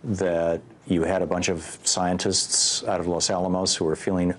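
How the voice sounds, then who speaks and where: A man's voice: low-pitched, flat delivery, normal speed, slight background noise. A man in his sixties interviewing a guest, asking hesitant questions with frequent restarts. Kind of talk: interview conversation.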